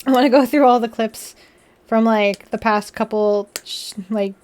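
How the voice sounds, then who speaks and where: A woman's voice: a little high, steady tone, moderate pace, a little mellow, clean tone. A woman livestreamer chatting casually while building a model kit, giggly and self-mocking, laughing often between her sentences. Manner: apologetic and self-mocking with chat.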